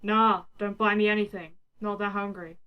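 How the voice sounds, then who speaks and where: A woman voicing a gruff, foul-mouthed young male fighter who snarls sarcastic insults. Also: high-pitched, fairly even intonation, moderate pace, highs cut off, close to an everyday voice. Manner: snarling, sarcastic, swears constantly.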